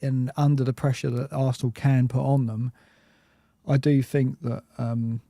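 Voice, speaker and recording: A man's voice: mid-range voice, little pitch movement, normal speed, dark tone, no room sound. A man co-hosting a football podcast, chatty, laughing easily and restarting his sentences. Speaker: podcast co-host. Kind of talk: casual football chat.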